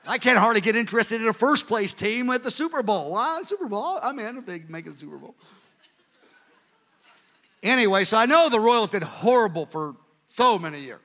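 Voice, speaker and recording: A man, preaching by telling an anecdote in a lively way, with chuckling asides. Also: sits high, fairly quick. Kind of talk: storytelling sermon.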